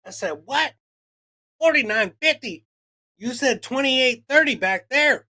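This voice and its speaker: A man's voice: very high-pitched, lively intonation, unhurried, bright, forceful tone. A man co-hosting a podcast, ranting in casual chat with lots of swearing and acted-out quotes. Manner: profane, ranting, acts out quoted exchanges. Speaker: podcast co-host.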